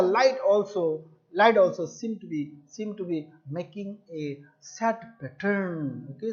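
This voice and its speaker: A male English teacher explaining a story to his students, repeating and restating words to make the meaning clear. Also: on the high side, darkish tone. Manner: addresses listeners as dear children. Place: home or classroom video lesson. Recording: dull lo-fi recording.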